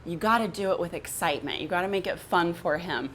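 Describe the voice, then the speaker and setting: A woman dog trainer in an instructional vlog, explaining calmly and plainly, and breaking into a high, gushing voice when she praises her dog. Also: quick pace, slight background noise.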